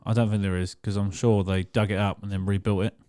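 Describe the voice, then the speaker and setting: A man's voice: fairly low pitch, little pitch movement, fast talker, mellow. A man co-hosting a podcast, chatting casually, laughing and swearing freely. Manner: swears a lot, laughs while talking. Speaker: podcast co-host. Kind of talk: casual chat.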